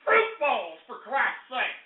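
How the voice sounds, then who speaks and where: A high-voiced male radio host rants and swears in furious bursts between commodity prices. The sound is thin and narrow, like a phone line. He keeps circling back with "all right?" and curses. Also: huge pitch swings, takes it slowly, slightly rough. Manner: angry, profane, shouting outbursts. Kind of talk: ranting talk radio with market report. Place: radio studio. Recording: tinny phone-like radio recording.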